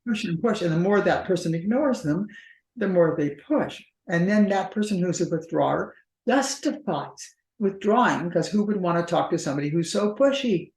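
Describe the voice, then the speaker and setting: A woman's voice: lowish voice, animated, moderate pace, a little mellow. A woman couples therapist explaining patterns in a conversational interview, often acting out what partners say. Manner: acts out partners' voices in quoted dialogue. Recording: roomy echo.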